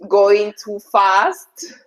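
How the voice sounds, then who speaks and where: Woman co-host, playful and teasing, mid-pitched voice. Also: expressive, very slow, a bit bright, poor audio. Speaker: livestream co-host. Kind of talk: casual livestream chat.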